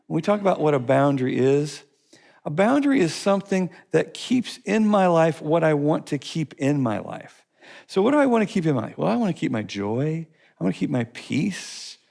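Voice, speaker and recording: A man teaching a recorded class session, repeating phrases and telling lively stories. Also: high-pitched, gravelly. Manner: repeats phrases, lively storytelling with put-on voices. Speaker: curriculum teacher.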